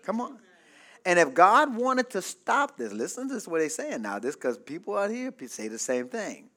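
A male pastor preaching a sermon, calling out to the congregation for responses and building up to shouted peaks. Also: sits high, very animated, moderate pace.

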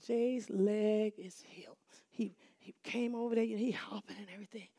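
A middle-aged woman telling a lively, dramatic testimony to a church audience. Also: mid-range voice, moderate pace, creaky, dry recording, clean studio sound. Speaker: church speaker giving a testimony. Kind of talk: animated testimony storytelling.

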